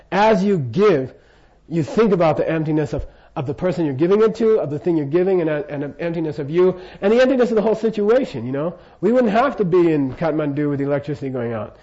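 A dull lo-fi recording captures an older man teaching Buddhism in a casual, jokey way, frequently checking in with his audience. His voice leans high with a dark tone.

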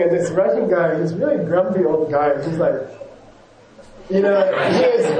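A man's voice: sits high, dark tone, reverberant, a little hiss or hum, low-quality recording. A man, a yoga teacher, giving a casual rambling talk to his class, often chuckling and correcting himself.

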